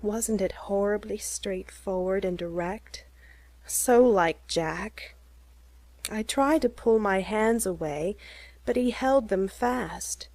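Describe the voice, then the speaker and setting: A woman narrating a first-person story slowly and clearly for English learners. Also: medium pitch, darkish tone, dry recording.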